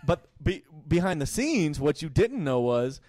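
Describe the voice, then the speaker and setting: A man with a fairly high voice hosts a podcast from a small home studio, speaking a little slowly. He's lively and joking in a casual chat and interrupts often. The recording is dry.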